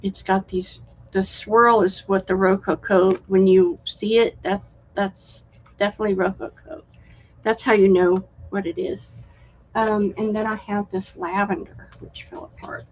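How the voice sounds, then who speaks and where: A woman hosting a live-stream craft sale, chatty and unhurried, admiring each item as she shows it. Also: mid-range voice, little pitch movement, lo-fi sound, a little hiss or hum. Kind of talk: live-stream sales chat.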